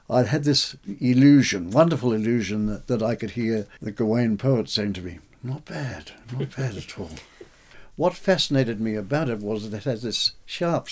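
A man's voice: lowish voice, darkish tone. A man speaking in an interview about translating an old poem. He talks with animation and breaks into recited lines of verse. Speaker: poet and translator. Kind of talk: conversational interview.

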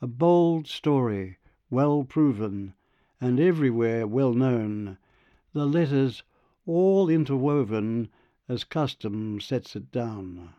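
A man reading a verse translation aloud in a slow, measured recital. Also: medium pitch, animated, dry recording, muffled recording.

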